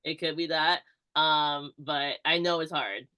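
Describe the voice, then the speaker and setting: A woman's voice: low-pitched, steady tone, unhurried, pushed and bright, clear, resonant tone. A woman strength coach and podcast guest explaining things in a casual, easygoing way, leaning heavily on "like". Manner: explains steadily, heavy use of "like". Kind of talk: casual chat.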